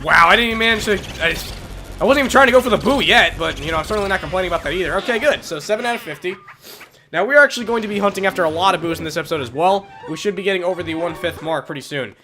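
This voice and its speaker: A young man with a congested, stuffy voice from a cold, giving excitable, jokey gameplay commentary and cursing at enemies. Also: sits high, slight background noise. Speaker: let's play commentator.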